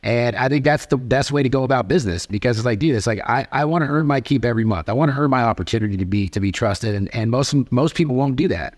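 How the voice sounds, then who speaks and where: Fast-talking profane man in his thirties. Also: medium pitch. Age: 30s. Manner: rapid, profane, animated storytelling. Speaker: podcast host. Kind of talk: casual podcast conversation.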